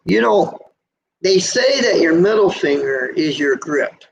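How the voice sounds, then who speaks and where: A middle-aged trucker hosting his own live stream, with a gravelly voice that sits high. He talks in a folksy, teasing way and turns preachy about road safety. The sound is dull and lo-fi. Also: lively intonation, measured pace. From USA. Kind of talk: casual live-stream chat, reading viewer comments.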